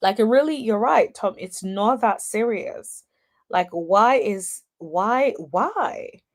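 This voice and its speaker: A woman hosts a casual reaction commentary and talks straight to her viewers and chat. She speaks in an unhurried, drawn-out way with chatty, exasperated asides. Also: mid-range voice, lively intonation. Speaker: host.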